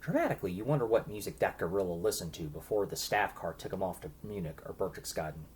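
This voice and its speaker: Low, lively male storyteller. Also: fast. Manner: second-person narration, vivid and grim. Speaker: narrator. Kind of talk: dramatic story reading.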